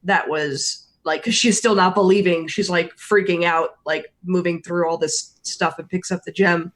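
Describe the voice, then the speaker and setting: A player at a game table describes their character at a middle pitch. They speak hesitantly, with many fillers. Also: steady tone, moderate pace, a bit bright. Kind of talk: casual tabletop play.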